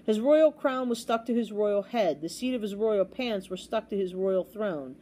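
Casual: woman reading a kids book out loud, lots of drama, mellow voice. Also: mid-range voice, moderate pace, slight background noise. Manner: expressive, dramatic storytelling. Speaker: storybook reader. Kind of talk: children's story read-aloud.

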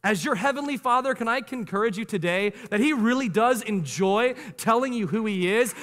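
A man in his thirties preaching a sermon as pastor, animated, slowing down for emphatic lines and rushing through quick asides. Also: sits high. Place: church sanctuary. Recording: long reverb of a large church hall.

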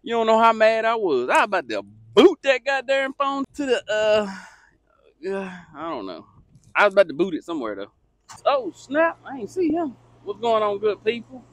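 While cleaning trash cans outside a house by a street, a man who runs a trash can cleaning business talks casually to his phone camera in a work vlog, joking loudly and frequently shouting or exclaiming. He speaks high, at normal speed, with wildly swooping pitch. A small clip-on mic captures him, with outdoor street noise in the background.

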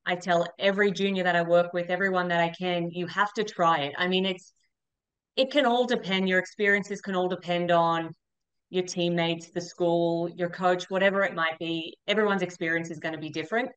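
Young Australian woman, golf coach guest, smooth tone, relaxed and modest. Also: on the low side, normal speed, low-quality recording. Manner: relaxed, modest, laughs easily. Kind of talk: casual interview chat.

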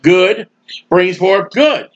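A man preaching a sermon in a folksy, animated way, acting out the voices of people he quotes. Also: high-pitched, drawn-out words, dull audio. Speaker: street preacher.

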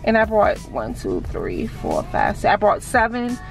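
A woman, chatting excitably to her viewers in a casual vlog and calling them "y'all". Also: medium pitch, unhurried, gravelly, far from the mic, faint music behind. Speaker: vlogger. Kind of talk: casual chat. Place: in the car and at home.

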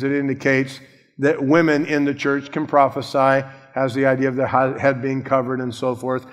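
A man, a pastor, preaching a sermon in a conversational, animated way that acts out the people he quotes. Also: medium pitch. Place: church sanctuary. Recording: long reverb of a church hall.

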